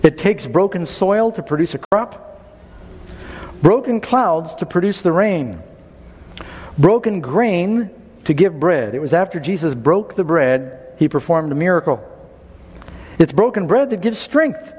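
Man preaching with a higher voice in a reverberant hall. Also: a little slow, pauses often, slightly rough. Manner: storytelling, animated, rising to emphatic preaching. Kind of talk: sermon with personal story.

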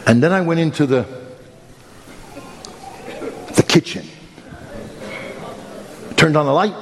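A middle-aged male pastor preaching a sermon, telling a personal story with humor and wide swings in his voice. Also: moderate pace. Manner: animated storytelling with humor and big pitch swings. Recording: echoey hall with faint ambience.

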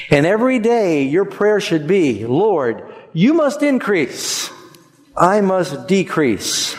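Lively male preacher in a reverberant hall. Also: a little high. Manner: animated, has congregation repeat lines aloud. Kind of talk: sermon.

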